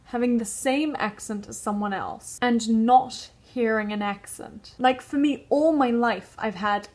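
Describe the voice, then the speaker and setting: A woman's voice: fairly high pitch, a little slow, darkish tone. A young woman from the Netherlands with a mostly British accent that carries a trace of Dutch and Australian, chatting to camera and wondering aloud. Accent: British English with Dutch and Australian traces. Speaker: vlogger. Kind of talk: casual chat to camera.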